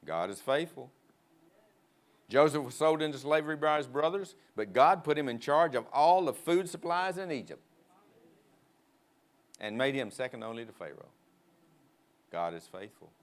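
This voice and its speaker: A man preaching a sermon in a church, emphatic, leading the congregation in call-and-response and prodding them with quick asides. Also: mid-range voice, animated. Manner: emphatic, prods the crowd with "huh?". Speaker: guest preacher. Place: church sanctuary.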